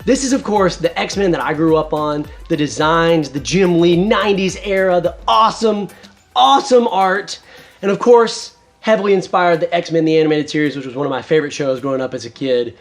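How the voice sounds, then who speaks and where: A man's voice: on the high side, a little fast, faint music behind. A man in his thirties hosting a casual video review, talking enthusiastically. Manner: enthusiastic, animated. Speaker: host.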